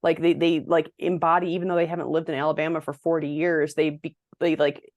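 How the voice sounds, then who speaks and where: A woman's voice: low voice, little pitch movement, fast talker, darkish tone, no echo. Chatty woman podcast co-host, dry sound. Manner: chatty, laughs often, restarts sentences. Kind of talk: casual chat. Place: at home on a video call. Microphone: video call.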